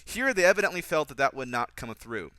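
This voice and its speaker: A man's voice: big pitch swings, brisk, pushed and bright, no room sound. A man giving casual film commentary, critical of the script and mocking its lines. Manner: critical, mocks dialogue in a higher voice.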